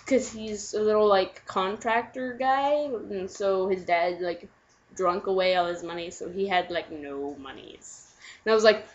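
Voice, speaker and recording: A woman's voice: medium pitch, measured pace. A young woman casually telling a story on camera, chatty and giggly, acting out her friends' lines. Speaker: vlogger. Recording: dull lo-fi home recording.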